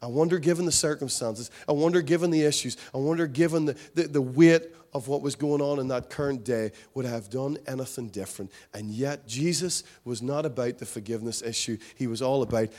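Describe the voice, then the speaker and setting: A man's voice: medium pitch, brisk, hardly any pauses, a little mellow. A man preaching a sermon, impassioned, often repeating phrases for emphasis. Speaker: pastor.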